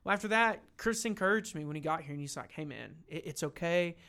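A young man with a slightly high, bright, forceful voice, speaking earnestly about his faith. He talks in a casual, heartfelt way, often restarting his sentences. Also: expressive, a little fast. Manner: earnest, emotional, many restarts. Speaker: lay preacher.

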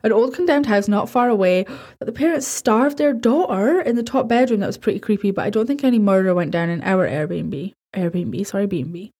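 A woman's voice: mid-range voice, fairly quick, dark tone, husky. A woman hosting a podcast, casually reading listener horror stories aloud, stumbling and correcting herself and swearing offhand. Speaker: podcast host.

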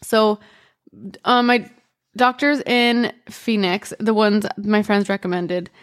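A woman talks through a personal story on her podcast in a relaxed, chatty way. She leans on "like" and "um" and shifts between quick bursts and slow pauses. Her pitch sits in an everyday middle range. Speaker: podcast host.

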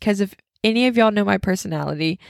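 This is a casual Christian testimony from a young woman who talks fast in a gravelly, medium-pitched voice. Chatty and full of fillers and asides, she tells a personal story about faith and says she's loud. The studio sound is clean, with no echo.

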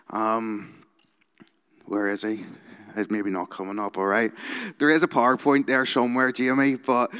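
A man's voice: medium pitch, fairly bright tone, clear, resonant tone. Northern Irish man preaching in a hall. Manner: conversational, keeps checking in with "okay?" and "right?". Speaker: youth worker giving a talk. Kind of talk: informal sermon talk.

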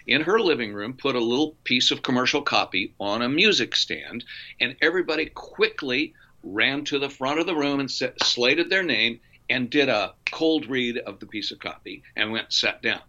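A middle-aged man, a former radio DJ turned voice actor, telling animated stories as an interview guest. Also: medium pitch. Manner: animated anecdotal delivery with fillers. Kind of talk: storytelling in a conversational interview. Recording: dull lo-fi audio.

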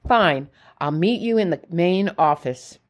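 A woman's voice: fairly low pitch, a little slow. Woman reading as little girl, eager, pleading, memoir reading. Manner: excited, pleading. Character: bright eager little girl, the narrator as a child.

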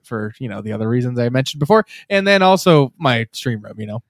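A man's voice: medium pitch, big pitch swings, quick pace, no room sound, studio quality. A man co-hosting a casual podcast, playful and jokey in his banter. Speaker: podcast co-host. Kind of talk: casual chat.

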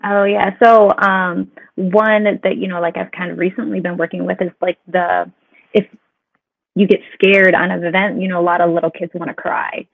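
A woman's voice: lowish voice, little pitch movement, moderate pace, vocal fry, no echo. A woman speaking as a guest counselor in a casual podcast interview, conversational with many fillers. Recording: tinny phone-like line.

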